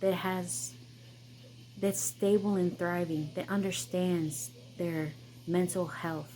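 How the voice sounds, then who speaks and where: Warm low-voiced woman telling a story. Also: fairly even intonation, slow pace, a little hiss or hum, low-quality recording. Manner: emphatic and insistent, many repeats and restarts. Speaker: vlogger, channel host. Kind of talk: personal storytelling monologue.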